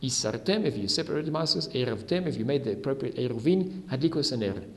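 Gravelly man teaching a Talmud passage. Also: medium pitch, animated, fast, long reverb tail. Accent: Ashkenazi Hebrew pronunciation. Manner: reads Aramaic then explains in English. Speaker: Torah teacher. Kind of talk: Talmud lesson, reading and translating.

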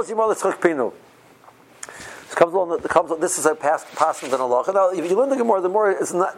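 A man's voice: fairly high pitch, slight background noise, rough recording. A man teaching an informal Torah lecture, conversational and full of rhetorical questions, with Hebrew terms mixed in. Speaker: rabbi teaching Torah class.

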